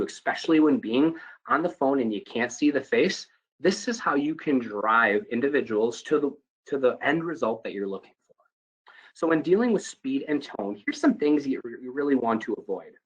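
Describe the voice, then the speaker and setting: A man giving an animated training talk on phone skills for call center staff, often shifting his tone and volume to demonstrate. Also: mid-range voice, slightly rough, low-quality recording. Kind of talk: training presentation.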